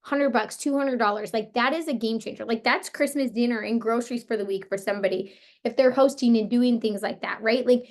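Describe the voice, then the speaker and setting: A woman with a hoarse, partly lost voice, coaching her sales team on a motivational call in a casual, upbeat way, full of "like" and "you guys". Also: a little high, brisk. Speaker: team leader coaching sellers.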